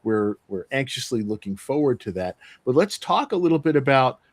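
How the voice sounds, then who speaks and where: A man's voice: medium pitch, sing-song, fairly quick, no room sound. Enthusiastic male podcast host, dry sound. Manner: enthusiastic, effusive. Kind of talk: podcast interview.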